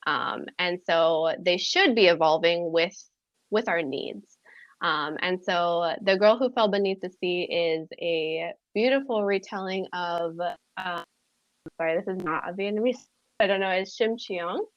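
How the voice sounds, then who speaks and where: A woman's voice: on the low side, measured pace, dry recording, lo-fi sound. A woman guest, an editor and book blogger, chatting thoughtfully about books with many ums. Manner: thoughtful, many "um"s, laughs lightly. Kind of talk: casual chat.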